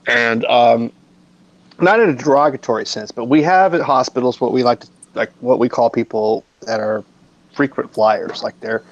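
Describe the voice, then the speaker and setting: A man casually telling a funny workplace story on a live stream, lively and swearing freely. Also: mid-range voice, normal speed, no room sound, highs cut off.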